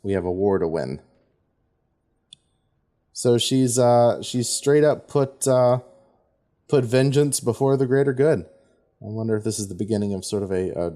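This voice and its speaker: A man's voice: fairly low pitch, normal speed, warm tone. A man giving offhand, rambling commentary over his gameplay, with fillers and asides. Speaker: gameplay video host. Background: game music.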